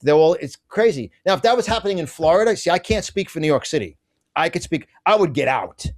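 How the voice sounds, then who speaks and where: A man's voice: a little high, animated, quick pace. A middle-aged man speaking as an interview guest, ranting with force, piling up asides and restarting his sentences. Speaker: guest, conservative business publisher. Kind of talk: fiery political interview talk.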